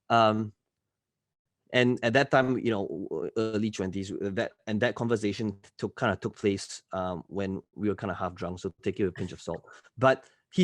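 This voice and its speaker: A man who is a podcast guest and entrepreneur, telling stories in an animated, emphatic way and often tagging his points with "right?". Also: on the low side, no echo. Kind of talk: podcast interview storytelling.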